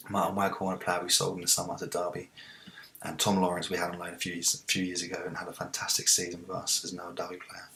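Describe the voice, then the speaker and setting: A man hosting a let's-play, commentating on a football management game and shouting at the big moments. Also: low-pitched, monotone, fast, vocal fry, a little hiss or hum. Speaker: gaming video host.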